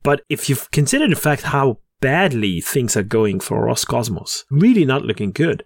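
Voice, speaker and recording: A man's voice: medium pitch, very animated, moderate pace, creaky, no room sound, studio quality. A man co-hosting a podcast in casual chat. He jokes, laughs at his own puns and often restarts his sentences. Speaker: podcast co-host.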